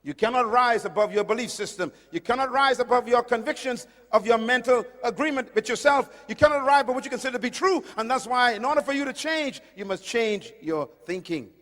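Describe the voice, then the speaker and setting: A man from the Caribbean with a high-set voice preaches a sermon in a big hall, and the long reverb trails after each phrase. He hammers his points loudly, then drops to a hushed, low tone, recorded in a large auditorium. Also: fairly quick, few pauses. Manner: emphatic, swinging from loud to hushed.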